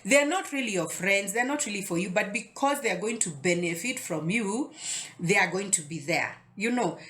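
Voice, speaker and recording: A woman's voice: mid-range voice, expressive, normal speed, a bit bright. A woman hosting a casual devotional talk, conversational and often repeating words as she thinks aloud. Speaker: devotional video host.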